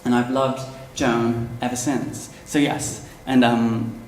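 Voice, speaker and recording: In a roomy hall at an event venue, a man in his thirties gives a book launch interview on stage before an audience, with a little hiss or hum on the recording. His mid-range, darkish voice is slow and flat in delivery, though he speaks chattily and theatrically and laughs often.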